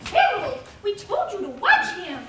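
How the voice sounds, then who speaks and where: Young actress as a dithering sweet old auntie, very high and swooping, stage play taped far off in an echoey hall. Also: female voice, huge pitch swings, measured pace, background noise, exaggerated voice. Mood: fluttery. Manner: twittering, flustered, full of "oh dear". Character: fussy, sweet elderly spinster aunts.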